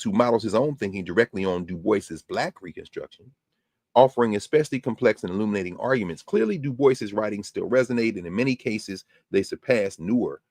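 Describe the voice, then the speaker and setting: A man's voice: fairly low pitch, no echo, clean studio sound. A man hosting a lecture podcast, reading passages aloud and breaking off into emphatic commentary. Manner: animated, emphatic asides between quoted passages.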